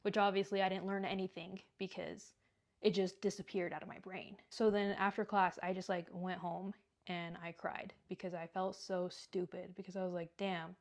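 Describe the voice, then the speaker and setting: A woman's voice: fairly low pitch, little pitch movement, normal speed. Young woman, casual storytime vlogger, rambly, lots of "like". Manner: rambling, heavy use of "like".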